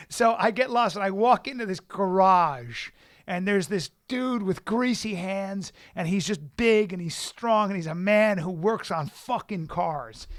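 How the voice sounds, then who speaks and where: A man co-hosting a podcast, telling self-deprecating stories in an animated, casual way. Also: high voice, a little slow, no room sound, clean studio sound. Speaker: podcast co-host. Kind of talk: casual chat, storytelling.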